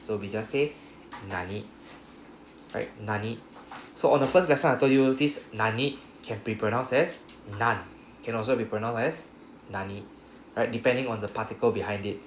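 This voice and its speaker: A man's voice: mid-range voice, brisk. A man teaching a Japanese grammar class, explaining patiently and often checking with "right?". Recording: roomy classroom echo, faint hum.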